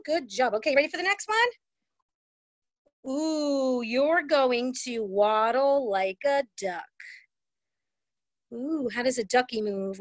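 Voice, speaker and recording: A woman leading a children's dance class over a video call, slow and cheerful. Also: fairly high pitch, animated, no room sound. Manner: cheerful, slow and sing-song with small children. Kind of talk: online kids' dance class.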